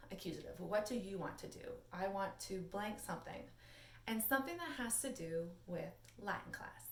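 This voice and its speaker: A young adult woman teaching a Latin lesson in a chatty, animated way, with sing-song recaps. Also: medium pitch. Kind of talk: classroom video lesson. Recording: echoey room, mic at a distance.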